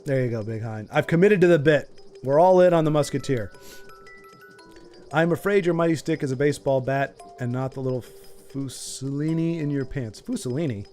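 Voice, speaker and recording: A man with a warm, mid-range voice streams a video game at a moderate pace, soft background music playing. He chats with his viewers casually and jokingly, rambling as he goes.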